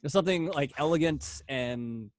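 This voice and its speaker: A man's voice: on the high side, moderate pace, no room sound, clean studio sound. A man co-hosting a podcast in casual chat, easygoing, laughing between remarks and using loose fillers. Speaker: podcast co-host.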